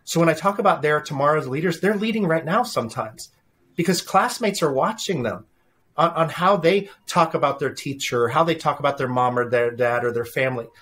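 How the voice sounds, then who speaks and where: A middle-aged man being interviewed as a leadership speaker, telling animated family anecdotes with frequent restarts. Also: fairly high pitch, a little fast. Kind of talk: conversational interview storytelling.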